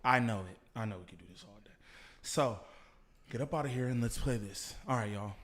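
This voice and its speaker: A man casually commenting on a video for his live chat, joking and laughing, his voice worn from shouting. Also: medium pitch, brisk. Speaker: streamer reacting to an interview.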